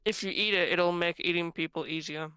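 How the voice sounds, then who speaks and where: Low-voiced deadpan woman player. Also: brisk, clean tone. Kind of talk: casual game chat.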